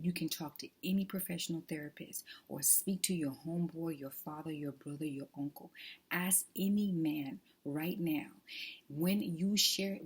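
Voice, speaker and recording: Give me a woman with a low voice, emphatic and preachy, chatting to her viewers. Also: husky. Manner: emphatic, preachy, often drops to a whisper. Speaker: vlogger. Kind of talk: casual testimony chat.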